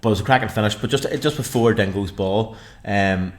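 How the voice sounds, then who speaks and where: A man with a fairly low voice, co-hosting a football podcast. He rambles through his points, stopping and restarting often, in an easy conversational way. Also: a little fast. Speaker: podcast co-host. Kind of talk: casual football chat.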